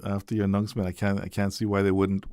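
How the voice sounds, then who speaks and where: A Caymanian man talks as a radio studio guest in an easygoing, slightly hesitant way. His low voice barely rises or falls. The studio sound is close and dry. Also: completely flat delivery, fast, darkish tone, smooth, no echo. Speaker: member of parliament, studio guest. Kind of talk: casual radio talk. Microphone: studio microphone.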